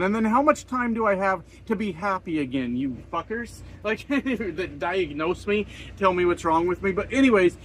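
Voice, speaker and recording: A man in his forties grumbles and swears to his camera from a truck cab, sarcastic and fed up. His voice sits a little high for a man. A faint hum of vehicle noise runs underneath. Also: a bit bright, rough recording. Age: 40s. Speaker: trucker vlogger. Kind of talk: casual vlog rant. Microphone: camera set up in front of him.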